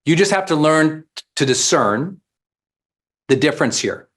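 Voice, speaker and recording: A man who works as a life coach, giving an animated, emphatic seminar talk and repeating phrases for effect. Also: a little high, normal speed.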